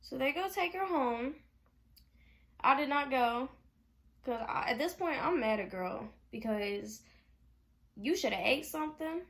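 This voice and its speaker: A young woman telling a casual storytime vlog in an animated, exasperated way, swearing freely. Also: sits high. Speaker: vlogger.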